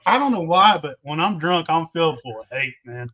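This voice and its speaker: Bright-voiced brash man telling stories. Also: on the high side, lively intonation, a little fast, lo-fi sound. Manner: brash, swears heavily, laughs often. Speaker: guest, moonshiner. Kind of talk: casual profane storytelling.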